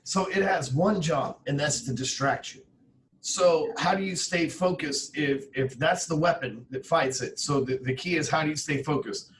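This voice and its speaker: A man's voice: fairly high pitch, normal speed, a bit bright. Texas guy on a podcast, swears a lot, keeps saying right?, mic a bit far off with a faint hiss. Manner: blunt and profane, uses "right?" and "man". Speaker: podcast guest, entrepreneur. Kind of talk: casual motivational storytelling.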